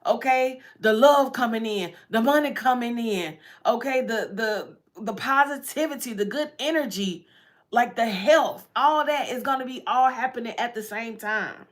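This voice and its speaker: A woman's voice: fairly high pitch, normal speed. A woman giving a casual tarot reading, chatty and repetitive, often breaking into laughs. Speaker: tarot reader.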